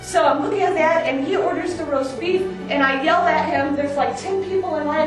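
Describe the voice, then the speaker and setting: A young woman telling an improvised comic story on a small stage, lively and getting excited as she acts out her own lines. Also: high-pitched, normal speed, few pauses, music in the background. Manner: animated, builds to excited yelling when quoting herself. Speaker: storyteller performer. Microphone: far room recording from the audience. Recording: echoey theater recorded from far off.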